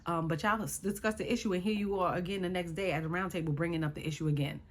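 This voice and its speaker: A woman's voice: lowish voice, fairly even intonation, fast. A woman recapping a reality show in casual chat, sassy and exasperated as she talks to her viewers.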